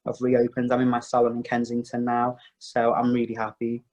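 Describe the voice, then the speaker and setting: A man's voice: mid-range voice, completely flat delivery, brisk, darkish tone, muffled recording. A man chatting as a guest on a video call, upbeat and talkative. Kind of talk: casual video call chat.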